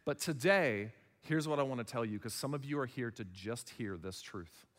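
A man's voice: medium pitch, animated, normal speed, a bit bright, in a large hall. A man in his thirties preaching a sermon as pastor, conversational, acting out little dialogues. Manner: conversational, acts out little dialogues in other voices.

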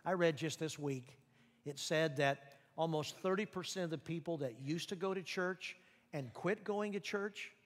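Pastor man exhorting in a reverberant hall. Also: fairly high pitch. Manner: direct, exhorting, repeats key questions. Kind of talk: sermon.

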